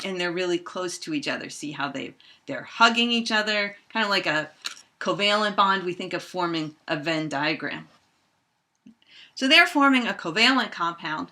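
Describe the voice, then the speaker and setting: A middle-aged woman teaching a high school chemistry lesson, playfully acting out reactions with toy bears. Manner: animated, acts out toy bears in squeaky voices. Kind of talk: playful classroom lesson with toys.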